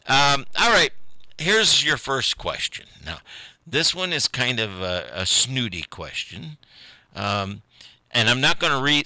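A man's voice: on the low side, sharp tone, dry recording. Chuckling folksy Midwestern older man. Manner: folksy, chuckling, self-deprecating, meandering. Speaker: local radio host. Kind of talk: rambling solo radio chat.

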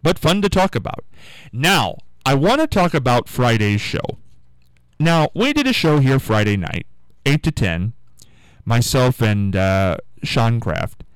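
Man from Ohio, radio host, rambling musing monologue, animated voice, dry studio sound. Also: medium pitch, a little slow, smooth, no room sound, rough recording. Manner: rambling, chatty, musing aloud.

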